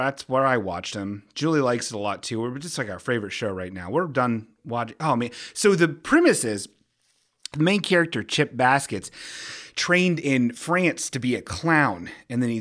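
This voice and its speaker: A man hosting a casual comedic podcast, rambling and joking as he stumbles through his own sentences. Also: mid-range voice. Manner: rambling, animated, self-interrupting with jokey bits. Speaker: podcast host.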